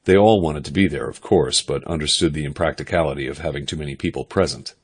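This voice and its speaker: A man doing steady, measured first-person audiobook narration. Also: rumbling low, slightly rough.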